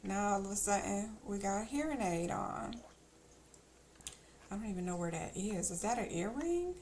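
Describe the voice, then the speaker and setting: A woman's voice: mid-range voice, expressive, normal speed, darkish tone, a little hiss or hum. A woman streamer chatting casually as she plays, thinking aloud with teasing asides. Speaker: game streamer. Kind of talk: casual gameplay commentary.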